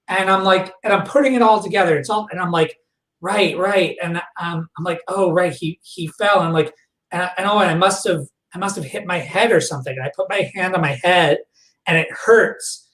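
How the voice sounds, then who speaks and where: A man guest on a podcast, recounting a personal memory in a halting way, full of fillers and restarts. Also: sits high, a bit bright. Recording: echoey room, voice far from the mic.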